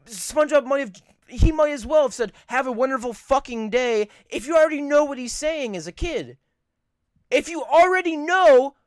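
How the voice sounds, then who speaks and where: Profane rambling podcast co-host, lively pitch. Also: no echo, clean studio sound. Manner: rambling, profane, repeats points for emphasis. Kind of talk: casual chat.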